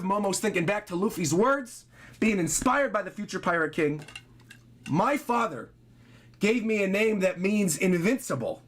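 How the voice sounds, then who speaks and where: A young man streaming a live reaction to a manga chapter, excitably reading the dialogue aloud in a dramatic, drawn-out way. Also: high voice.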